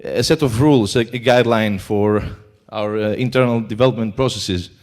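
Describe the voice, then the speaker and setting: A man's voice: lowish voice, normal speed, darkish tone. A man with a Greek accent giving a talk at a conference, hesitant and full of filler sounds. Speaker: conference speaker. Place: conference hall.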